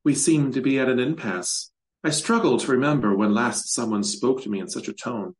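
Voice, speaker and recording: A man's voice: medium pitch, normal speed, voice pushed up, natural voice, rough recording. A man doing a purring, menacing swamp hag. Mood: coy. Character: ancient monstrous female swamp hag, menacing and coy.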